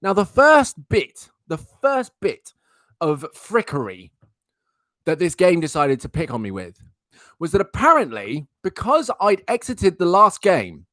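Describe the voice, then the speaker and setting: A man's voice: high-pitched, wildly swooping pitch, unhurried, fairly bright tone, no echo, studio quality. A young man hosting a live talk stream, telling a rambling, exasperated story and repeating himself for emphasis. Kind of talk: casual ranting anecdote.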